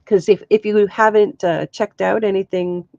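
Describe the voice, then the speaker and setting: A woman's voice: medium pitch, steady tone, moderate pace, creaky, darkish tone, dry recording, lo-fi sound. A middle-aged woman chatting casually to camera as a crafts vlogger, telling stories with frequent laughs and exclamations. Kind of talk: casual chat.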